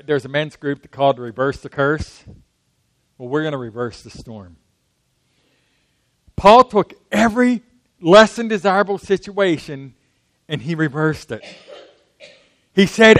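A man with a notably high voice delivers a sermon, talking with the congregation and throwing questions at them. The sound is dry and close, with little room reflection. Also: no echo. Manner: conversational, asks the congregation questions. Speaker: preacher.

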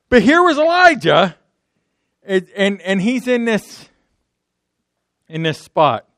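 Male pastor, high-pitched, playful preacher who asks the audience questions. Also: very animated, slow, long pauses, fairly bright tone, no room sound, studio quality. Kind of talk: sermon.

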